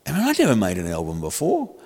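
An older man preaching a sermon in a lively, humorous, conversational way. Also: fairly low pitch, fast talker, breathy edge, in a large hall. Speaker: pastor.

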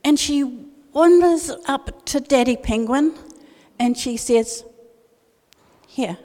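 An older woman, giving a humorous storytelling talk as guest speaker and telling her anecdotes in a lively, animated way. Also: high voice, slow. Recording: long reverb of a large hall.

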